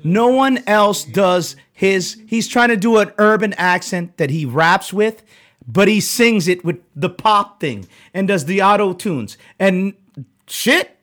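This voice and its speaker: A man co-hosts a comedy podcast in a raised, bright voice. His pitch swings widely as he works himself up, swearing and laughing between his points. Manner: profane, excitable, laughs a lot. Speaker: podcast co-host. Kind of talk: loose comedic podcast banter.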